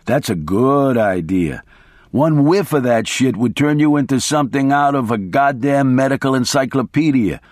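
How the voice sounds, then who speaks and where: A man voicing a reckless, foul-mouthed male lawyer who talks in a slow, blunt, emphatic way. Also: mid-range voice, animated, darkish tone, no echo, clean studio sound, natural voice. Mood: boasting. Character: wild-talking male lawyer, reckless and coarse.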